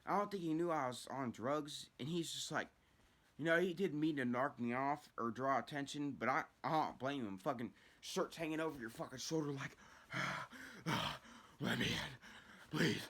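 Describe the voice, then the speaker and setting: A man's voice: mid-range voice, fairly quick, a bit bright. A young man telling a personal story in a casual, rambling way, swearing often and restarting his sentences. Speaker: storyteller vlogger.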